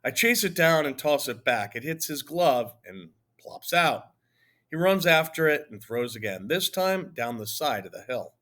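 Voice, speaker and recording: A man reading a children's novel aloud in the first person, lively and conversational. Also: fairly high pitch, measured pace. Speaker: audiobook narrator. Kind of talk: first-person storybook narration.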